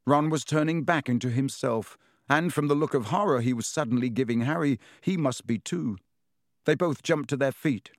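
Guy reading a story aloud, mid pitch, lively, dry close sound. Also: normal speed, dry recording. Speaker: audiobook narrator. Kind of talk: scripted narration.

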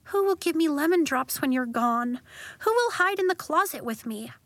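A woman voicing a sad, weepy young girl in a storybook reading, pleading in a high voice. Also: expressive, moderate pace, a bit bright, no echo.

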